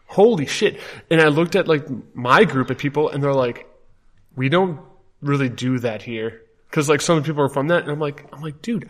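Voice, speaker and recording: A man from Wisconsin telling a story in casual podcast chat, acting out the people he quotes. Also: a little high. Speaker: podcast co-host.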